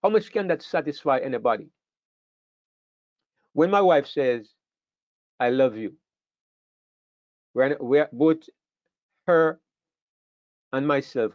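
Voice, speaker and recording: A man's voice: medium pitch, no room sound, dull audio. An older man teaches a Bible class in an earnest way, often repeating words as he thinks.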